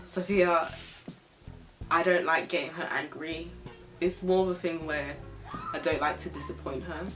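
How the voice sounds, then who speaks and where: A woman's voice: low voice, fairly even intonation, normal speed, a bit bright, soft background music. Young woman chatting frankly, swearing freely. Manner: sipping a drink while talking. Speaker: vlogger. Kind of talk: casual storytelling.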